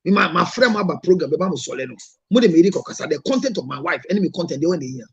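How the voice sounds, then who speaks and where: Telling stories to his audience, this Ghanaian show host and marriage counselor scolds through rhetorical questions, slipping into Twi now and then. He sounds a little high and husky, with lively intonation and fast delivery, and the recording's highs are cut off.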